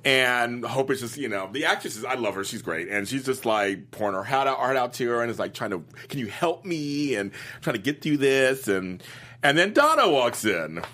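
Male co-host, animated chatter, voice rising and falling widely, quotes characters and laughs. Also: mid-range voice, normal speed. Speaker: podcast co-host. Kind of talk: casual chat reviewing a TV soap.

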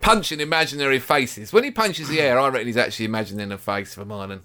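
A man chatting casually about football, animated and prone to loud excited outbursts. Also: mid-range voice, fast, background noise.

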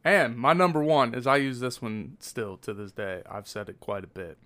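A man's voice: medium pitch, moderate pace, a bit bright. Wisecracking male podcast host. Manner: wisecracking, crude jokes. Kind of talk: casual joking chat.

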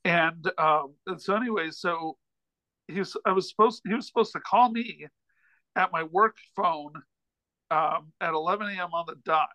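Brief: male comedian guest, high-pitched, animated storyteller, dry close mic. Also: normal speed, no room sound, low-quality recording. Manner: rambling, animated anecdote with frequent restarts. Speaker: podcast guest, comedian and author. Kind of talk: casual storytelling in a chat.

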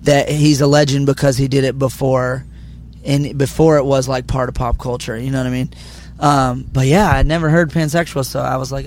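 A young man, a musician guest, chatting quietly with a slightly raspy voice just after coming off stage, many fillers, mic held close to his mouth. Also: medium pitch, level tone, fairly quick, a little hiss or hum. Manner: speaking quietly, filler-heavy. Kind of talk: casual interview chat. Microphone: handheld mic held close.

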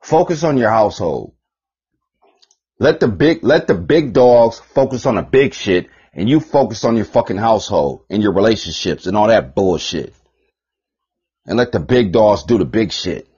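A man hosting a podcast, ranting in a profane, rambling monologue, repeating himself and swinging between loud bursts and mutters. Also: fairly low pitch, lively intonation, moderate pace, husky. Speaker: podcast host. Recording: dull lo-fi podcast recording.

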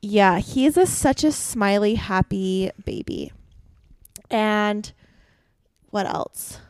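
A woman's voice: mid-range voice, animated, slow, a little mellow, dry recording. A woman in her twenties from Utah co-hosting a podcast in bubbly, giggly casual chat. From Utah, USA. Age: 20s. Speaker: podcast co-host.

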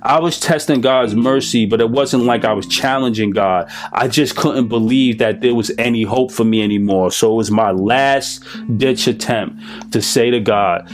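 A man's voice: mid-range voice, normal speed, faint music behind. A man giving a personal recovery testimony, emphatic and repetitive, in a streetwise storytelling manner. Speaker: recovery speaker.

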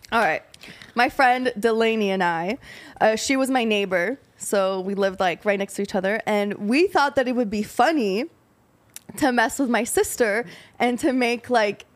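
A woman's voice: fairly high pitch, measured pace. A young woman who moved to the US as a child, telling a story in casual podcast chat, giggling through it with lots of fillers. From abroad, moved to the US at ten.

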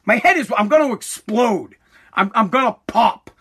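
A forty-year-old man rants on his podcast with a raised, high-set voice and a sharp, bright edge. He swears freely and keeps tipping over into yelling, a dusty throat catching now and then, recorded in a home basement. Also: animated, normal speed, husky. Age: 40s. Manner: aggravated, swearing, bursts into yelling. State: throat irritated by dust, coughing. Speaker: podcast host. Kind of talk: angry profane rant.

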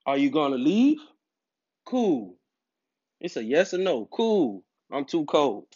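A man's voice: a little high, sing-song, slow, darkish tone, breathy edge. A man giving dating advice to other men in a casual monologue, emphatic and preachy, with streetwise slang. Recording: dull lo-fi recording.

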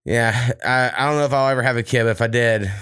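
A man's voice: medium pitch, fast talker, a bit bright, clear, resonant tone. A young man hosting a podcast, chatting casually and swearing freely while retelling stories with quoted voices. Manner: profane, storytelling with mimicked quotes. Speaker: podcast host. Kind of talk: casual chat.

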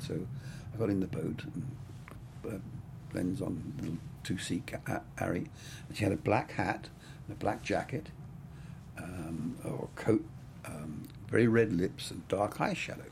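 A low, gravelly older man recalling his work as a cinematographer in an easygoing interview. He rambles, circling back with "I mean" and "you know". A faint hiss sits under the recording. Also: unhurried, a little mellow. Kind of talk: casual interview storytelling.

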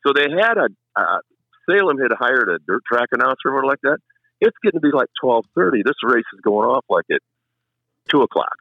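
A man's voice: medium pitch, a little fast, vocal fry, dry recording, phone-quality sound. A middle-aged man, a longtime race track announcer, telling stories in a casual chat and acting out what people said. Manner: animated storyteller, acts out quotes.

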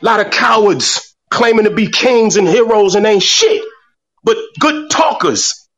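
Angry, high-voiced man on a phone line, profane and repetitive. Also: animated, unhurried, a bit bright. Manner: fiery, profane, repeats words when worked up. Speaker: speaker in an online voice room. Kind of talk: impassioned rant. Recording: distant, breaking-up phone audio.

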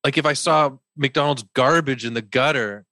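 A man's voice: mid-range voice, normal speed, sharp tone, no echo, clean studio sound. A man co-hosting a casual remote podcast chat, rambling with restarts and laughing often. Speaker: podcast co-host.

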